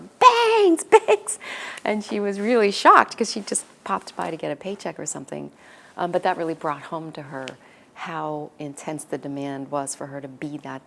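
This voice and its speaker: Low, gravelly-voiced woman academic. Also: slight background noise. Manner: thoughtful, explanatory. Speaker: fashion academic. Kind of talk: interview answers.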